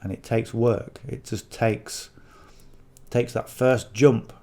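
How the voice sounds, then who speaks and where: A man's voice: mid-range voice, fairly even intonation, slow, darkish tone. A middle-aged man with a northern English accent giving rambling coaching to camera, checking in with "okay?" and "you know" as he goes. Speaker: affiliate marketing coach. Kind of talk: casual talk to camera.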